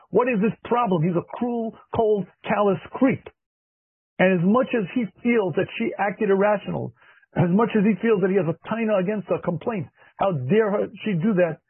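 Husky rabbi lecturing, tinny line. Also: male voice, high-pitched, no echo. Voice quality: husky, clears throat often. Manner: emphatic, repeats key phrases, acts out dialogue. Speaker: rabbi teaching a marriage class. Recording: thin phone-like dry sound.

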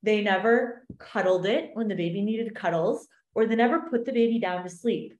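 A woman coach explaining an exercise in an animated podcast chat, acting out little voices in her examples. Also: mid-range voice, normal speed, dull audio. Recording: roomy echo.

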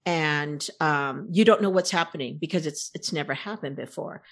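A woman in casual conversation, telling a long personal story in an animated, rambling way. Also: low voice, moderate pace.

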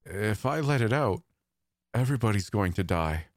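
A man's voice: lowish voice, lively intonation, moderate pace, dry recording, clean studio sound, pitched above the performer's own voice, close to an everyday voice. A man voicing a terrified young boy who speaks in a choked, quivering, hesitant way. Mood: fearful. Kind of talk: storytelling narration with acted dialogue.

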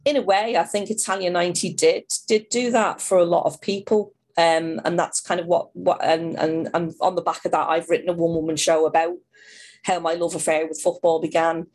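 Animated Irish woman telling stories. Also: fairly low pitch, a little fast. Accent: Dublin Irish with a Liverpool tinge. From born in England, raised in Dublin. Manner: animated, acts out voices in her anecdotes, frequent restarts. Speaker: interview guest. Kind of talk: conversational storytelling.

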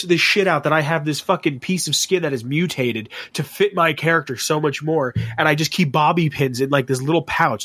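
Animated, foul-mouthed young man. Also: a little high. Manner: animated, profane, storytelling. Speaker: tabletop game player. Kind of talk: casual podcast chat.

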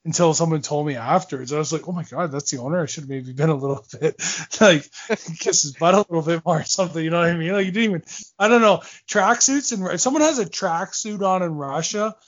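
Through dull-sounding audio, a man in his forties speaks fast in a slightly high voice. He's a former hockey player in a casual interview, spinning long, rambling stories peppered with fillers, restarts and laughter.

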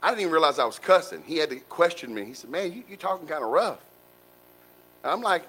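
A man preaching a sermon in a folksy, animated way, with colloquial asides to the congregation. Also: fairly high pitch, fast, husky, poor audio. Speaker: pastor.

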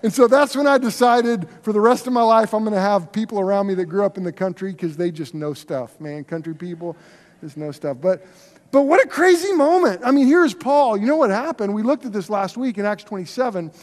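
A man preaching a sermon as pastor, telling stories in an animated, conversational way. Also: sits high, fairly quick. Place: church sanctuary. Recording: long reverb of a large hall.

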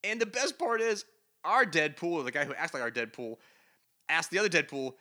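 Guy on a comics podcast, kinda high voice, laughing and reading lines out loud. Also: a little fast. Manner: animated, laughing, reading comic dialogue aloud. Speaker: podcast co-host. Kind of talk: casual comic book review chat.

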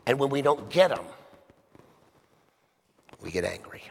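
A man's voice: mid-range voice, big pitch swings, a little slow, creaky, slightly rough, in a large hall. A male pastor preaching a sermon conversationally, often asking the listeners rhetorical questions.

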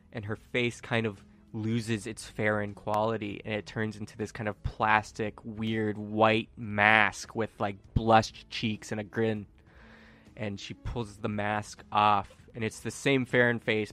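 A man's voice: fairly low pitch, fairly bright tone. A man acting as game master, narrating a tabletop game casually with many fillers.

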